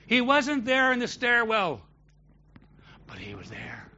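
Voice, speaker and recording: A man preaching a sermon as pastor of a church, shifting between loud emphatic declarations and quiet storytelling. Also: very high voice, wildly swooping pitch, slow, vocal fry, muffled recording.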